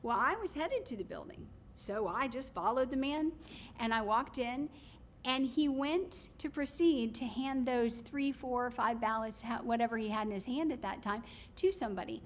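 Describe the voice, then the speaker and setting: A woman's voice: on the high side, moderate pace, slight background noise. A woman giving public comment at a county meeting, telling a story with lots of fillers and restarts. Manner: animated storytelling, many fillers. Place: county commission chamber.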